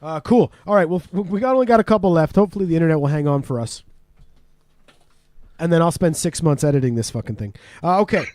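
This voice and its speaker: A man's voice: fairly high pitch, expressive, fast, a little mellow, no room sound. A man from Canada hosting a casual podcast, laughing often and swearing freely as he quizzes his guest. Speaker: podcast host. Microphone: remote call.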